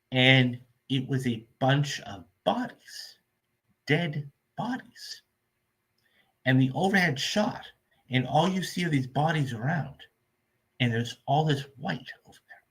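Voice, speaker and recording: A man's voice: mid-range voice, animated, takes it slowly, long pauses, fairly bright tone. A man hosting a film review show, retelling movie scenes in a rambling, casual recap full of "okay?" check-ins.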